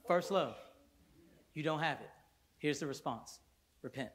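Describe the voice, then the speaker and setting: A worship pastor preaching a sermon to a congregation in a church, fervent, swinging between loud bursts and hushed stretches, with playful joking asides. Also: male voice, on the high side, measured pace. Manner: playful storytelling asides with laughter. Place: church sanctuary before a congregation.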